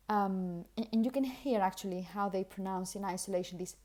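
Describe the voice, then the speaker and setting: A woman's voice: mid-range voice, normal speed, few pauses, a little mellow. A Spanish-accented woman, a native Spanish speaker, teaching English pronunciation with careful explanations and repeated example words. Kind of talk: pronunciation lesson.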